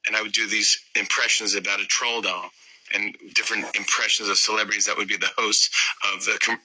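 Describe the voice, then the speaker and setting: Bright-toned animated man in his 50s. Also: fairly low pitch, fairly quick, breathy edge, rough recording. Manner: animated storyteller who acts out voices. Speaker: guest. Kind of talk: casual anecdote.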